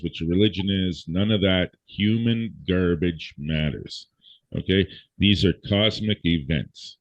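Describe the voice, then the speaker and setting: A man's voice: extremely low pitch, husky, no echo. A man speaking as a guest in a blunt, profane, lecturing rant, hammering his points home with emphasis. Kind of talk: blunt ranting conversation. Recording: dull, dry lo-fi audio.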